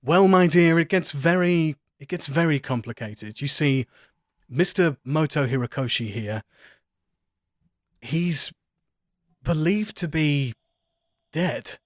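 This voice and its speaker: A man's voice: expressive, slow pace, pauses often, no echo, clean studio sound. A man voicing a courteous, secretive older man in hiding in a tabletop game, speaking in a polite, genteel manner. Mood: patient. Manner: polite, genteel, higher put-on voice.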